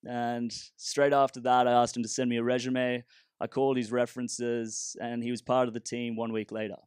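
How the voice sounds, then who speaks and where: Man, casual, self-deprecating, humorous storytelling talk, smooth resonant voice, dry sound. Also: mid-range voice, flat delivery, normal speed, a little mellow, no room sound. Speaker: startup founder and speaker.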